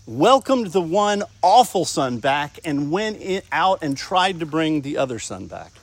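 A man's voice: fairly high pitch, very animated, unhurried, no echo. A man preaching a sermon, talking conversationally and often asking the congregation questions. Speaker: pastor.

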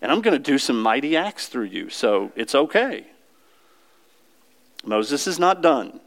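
A man preaching to a congregation in an easy, conversational way. His voice sits at an ordinary middle pitch, and he keeps checking in with his listeners through quick questions. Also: very animated, a bit bright. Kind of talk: sermon.

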